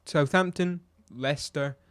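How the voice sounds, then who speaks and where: A man's voice: on the high side, a little slow, fairly bright tone, clean tone, dry recording, studio quality. A man giving a blunt, exasperated football match review, ranting and firing off rhetorical questions. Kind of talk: opinionated match review vlog.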